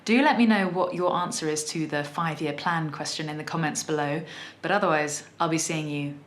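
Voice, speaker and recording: Southern English woman with a lowish voice. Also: a little fast, roomy sound. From south of England. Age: 30s. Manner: chatty, thoughtful, many small restarts. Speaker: musician vlogger. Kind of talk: casual Q&A vlog.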